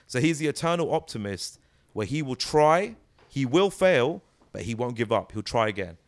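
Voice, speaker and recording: A British man in his thirties, a comedy actor, chatting as an interview guest in an animated, storytelling way. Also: medium pitch, moderate pace. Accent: British English. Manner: animated, storytelling, many "you know"s. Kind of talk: casual interview chat.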